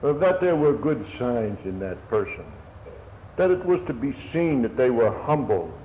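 A man's voice: mid-range voice, big pitch swings, moderate pace. A man preaching a sermon in an earnest, old-fashioned manner, his voice swelling and dropping. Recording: echoey hall, dull lo-fi sound, faint hiss.

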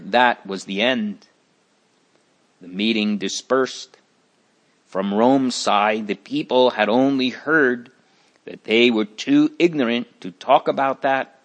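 Guy slowly reading a church history story, measured and even. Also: fairly low pitch. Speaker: narrator. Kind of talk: scripted narration of church history.

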